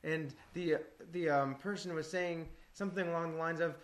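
A man's voice: a little high, fairly even intonation, normal speed, few pauses. A man preaching a sermon in an earnest, exhorting way, often repeating phrases for emphasis.

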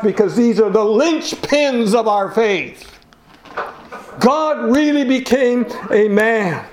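A man's voice: sits high, a little mellow, reverberant. A man preaching a sermon, earnest and emphatic, often repeating key phrases for weight.

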